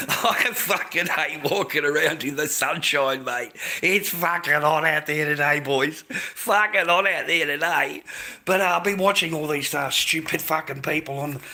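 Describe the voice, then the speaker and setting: An older Australian man ranting in a profane monologue, aggressive and swearing constantly with loud outbursts. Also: a little high. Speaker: vlogger.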